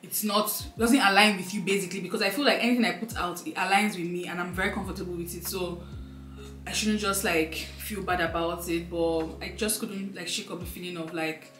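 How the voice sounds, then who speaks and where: A woman's voice: fairly low pitch, steady tone, a little fast, a bit bright, echoey room, soft background music. A young woman giving an emotional sit-down life update, rambling with many fillers and close to tears. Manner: rambling, filler-heavy, heartfelt. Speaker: lifestyle vlogger.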